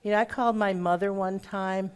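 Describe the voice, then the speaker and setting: A woman's voice: medium pitch, fairly even intonation, fairly quick, smooth. Woman preaching a conversational sermon. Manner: warm conversational preaching with audience questions. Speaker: guest minister.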